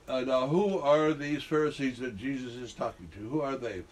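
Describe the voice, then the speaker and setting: A man's voice: medium pitch, moderate pace. A man leading a group Bible study, talking conversationally and quizzing the group with questions.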